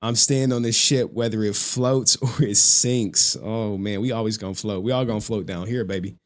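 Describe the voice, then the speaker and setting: Male streamer, casual and animated, heavy slang and swearing. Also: fairly low pitch, normal speed. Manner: animated, profane, slangy storytelling. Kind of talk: casual livestream chat.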